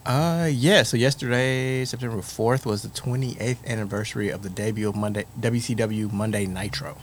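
A man co-hosting a sports podcast who speaks in a measured way and thinks aloud. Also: mid-range voice, fairly even intonation, slight background noise. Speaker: podcast co-host. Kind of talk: casual sports podcast chat.

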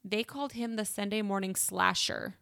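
A woman co-hosting a casual podcast, blunt and matter-of-fact, swearing freely as she talks. Her voice sits at an ordinary middle pitch for a woman. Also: steady tone, moderate pace, vocal fry, sharp tone, clear, resonant tone. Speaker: podcast co-host. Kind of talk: casual true-crime chat.

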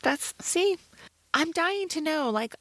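A woman's voice: high voice, animated, slow pace, fairly bright tone, no echo. A woman co-hosting a podcast, chatting casually about a movie with lots of fillers and an easygoing manner. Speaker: podcast co-host. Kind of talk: casual movie review chat.

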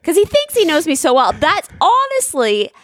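A woman's voice: high voice, wildly swooping pitch, normal speed, a bit bright, dry recording, clean studio sound. A woman in her thirties chatting casually, emphatic and indignant as she gives her side. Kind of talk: casual chat.

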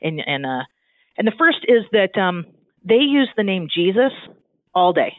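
Man from Southern California, high voice, chatty storyteller, tinny phone-like sound, dry. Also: a little slow, dry recording. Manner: chatty, animated storyteller with frequent restarts. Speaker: guest, divinity student. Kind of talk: casual conversation. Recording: thin phone-like dry line.

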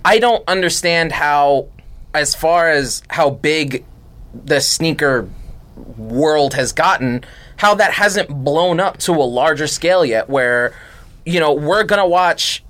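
A man chatting on a casual podcast in a slightly higher-than-average voice. He talks in a relaxed, conversational way. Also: slow pace. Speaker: podcast co-host.

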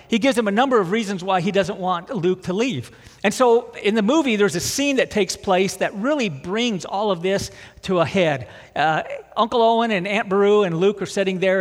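A man preaching a sermon in a conversational, self-deprecating way with dry jokes. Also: high-pitched. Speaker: pastor. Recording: long hall reverb.

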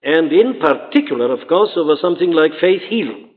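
A man's voice: fairly high pitch, very animated, brisk. A man preaching a sermon, earnest and emphatic, his voice climbing sharply when he presses a point. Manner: earnest, emphatic, rising to exclamations. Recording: tinny phone-like old hall recording with long reverb.

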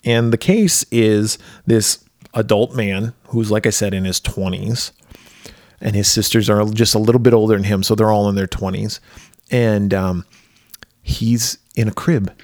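A man co-hosting a podcast, chatting casually about a movie with profane jokes and lively storytelling. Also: fairly low pitch, measured pace, dry recording, clean studio sound. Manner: profane, joking, animated storytelling. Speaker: podcast co-host.

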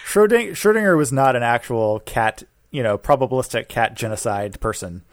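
A man's voice: mid-range voice, animated, moderate pace, no echo, clean studio sound. A man co-hosting a podcast in playful, casual chat. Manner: playful, jokey. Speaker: podcast co-host.

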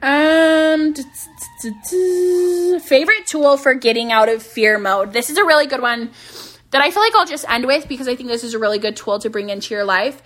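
A woman in her thirties talks through her own podcast from home, candid and casual, laughing easily and sprinkling in "like." Her voice sits a little high and sounds a bit worn, as if she is starting to lose it. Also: expressive, fast, a bit bright. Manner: candid, chatty, laughs easily, says "like" often. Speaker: podcast host and business coach. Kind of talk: casual solo podcast advice.

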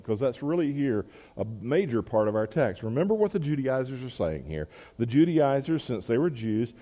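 A man's voice: mid-range voice, mellow, long reverb tail. A man preaching a sermon as pastor, talking in a conversational way with asides and restarts.

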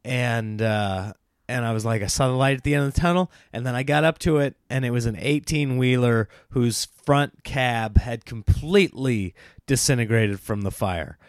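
A man, a stand-up comedian, telling a casual story in a rambling way, with lots of fillers and excited restarts. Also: mid-range voice, moderate pace, clear, resonant tone, no room sound, clean studio sound.

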